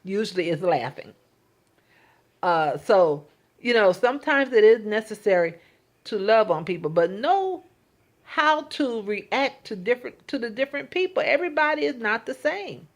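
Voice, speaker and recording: A woman's voice: a little high, sing-song, normal speed. A woman talking in a casual, reflective monologue. She is earnest and emotional, and she often repeats words and restarts her sentences. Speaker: vlogger.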